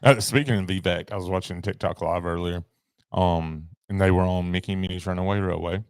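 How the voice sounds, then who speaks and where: A man co-hosting a podcast, chatting in a relaxed, rambling way with lots of fillers. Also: sits low, fairly quick, smooth, no room sound, clean studio sound. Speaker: podcast co-host. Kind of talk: casual chat.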